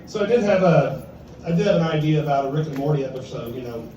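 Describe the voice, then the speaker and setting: A man's voice: a little high, animated, fast, dark tone, a little hiss or hum. A man in his fifties doing a stand-up set at an open mic in a bar-restaurant, self-deprecating and chuckling at his own jokes. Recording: echoey room, distant and dull.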